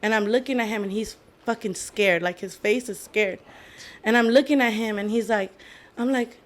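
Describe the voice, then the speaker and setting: A woman's voice: fairly high pitch, normal speed. Candid woman telling a wild story. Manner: candid, swears freely, slips into Spanish. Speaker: podcast co-host. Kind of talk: casual storytelling chat.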